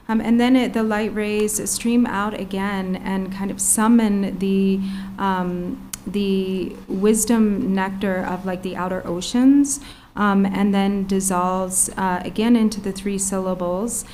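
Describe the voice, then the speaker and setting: A woman interpreting a Buddhist teaching into English, halting and pausing often with filler sounds. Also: mid-range voice, steady tone, a little mellow, slight background noise.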